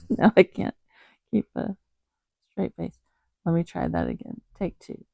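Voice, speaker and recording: Giggly woman with a gravelly, low voice. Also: animated, takes it slowly, darkish tone, no echo. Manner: giggly, chatty, self-deprecating. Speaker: host. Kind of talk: casual Bible reading to pets.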